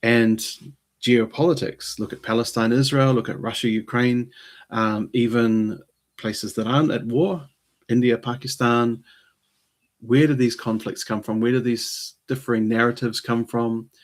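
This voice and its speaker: A man, possibly middle-aged, hosting his own live stream from New Zealand, rambling in a hesitant way with many pauses and fillers. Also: medium pitch, fairly even intonation. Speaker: channel host. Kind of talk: casual live-stream monologue.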